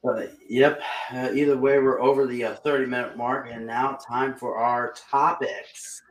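A man hosting a podcast, moving the show along in a casual, measured way. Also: medium pitch, fairly even intonation. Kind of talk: casual chat.

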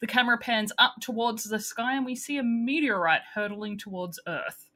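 Australian woman, podcast co-host, bright-toned, higher voice, chatty and giggly. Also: normal speed. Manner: chatty, laughs often, quotes people in lively voices. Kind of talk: casual chat.

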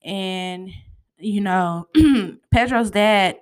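A woman talking through a TV episode recap in a loose, chatty way. Her voice sits at a middling pitch. She keeps it lively and conversational, scattering "you know" and "honey" through her talk. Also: drawn-out words, smooth. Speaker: TV show recap host.

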